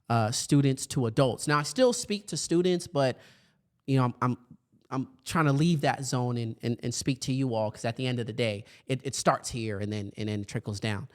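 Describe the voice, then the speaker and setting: A man in his thirties giving a storytelling talk to educators, acting out his younger self with a raised, lively voice. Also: mid-range voice, a little fast. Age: 30s. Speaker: speaker for educators.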